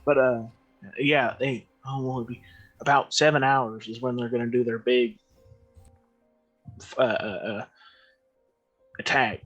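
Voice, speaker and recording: A man playing a tabletop game, casual and giggly, with halting delivery. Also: medium pitch, steady tone, a bit bright, lo-fi sound, soft background music. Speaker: player.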